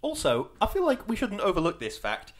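A male podcast co-host chats casually, laughing often and acting out the scenes he retells in silly voices. His voice is high and brisk, with pitch that swoops wildly.

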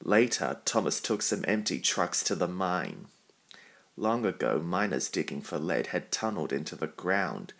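A man narrating a children's storybook in a calm, even reading voice. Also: low-pitched, moderate pace, creaky.

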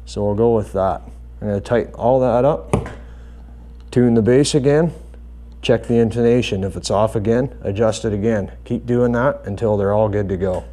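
A man with a low, mellow voice walks through a bass guitar setup. He is calm and methodical and explains each step plainly as he works. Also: normal speed. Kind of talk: hands-on tutorial explanation.

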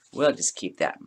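A middle-aged craft vlogger with a mid-range, slightly mellow voice chats casually while opening craft mail at home. The unboxing talk is full of gushing and frequent laughter.

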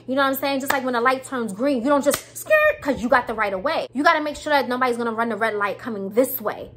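A woman's voice: on the high side, quick pace, a bit bright, slight background noise. A woman telling a storytime vlog in a casual, emphatic way, with speech and some preachy repetition. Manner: emphatic, preachy, repeats herself.

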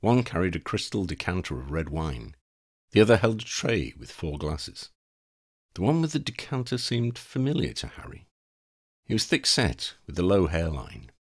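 Male audiobook narrator, low voice, expressive and animated. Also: moderate pace, breathy edge. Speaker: audiobook reader. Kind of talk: fan fiction audiobook narration.

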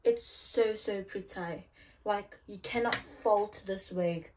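A young South African woman chatting casually through a hair tutorial, playful and given to loud outbursts. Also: medium pitch, slow, background noise. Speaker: hair vlogger.

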